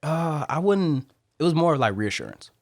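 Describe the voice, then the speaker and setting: A man, a Marine, telling stories as a guest on a podcast interview in an animated way. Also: a little high, dry recording, clean studio sound. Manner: animated, rapid storytelling.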